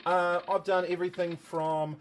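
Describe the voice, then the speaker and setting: A man's voice: sits high, level tone, normal speed, a little hiss or hum. A man with a New Zealand accent hosting a casual livestream, rambling and joking with his viewers. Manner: rambling, chatty, jokey asides to viewers. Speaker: livestream host and motorsport commentator.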